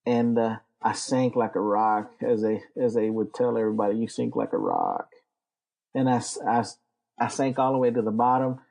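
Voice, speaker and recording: A man's voice: mid-range voice, flat delivery, brisk, darkish tone, rough recording. A man from Texas, a Navy veteran being interviewed, telling rambling stories full of fillers and swearing. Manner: rambling, profane, lots of fillers. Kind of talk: casual storytelling.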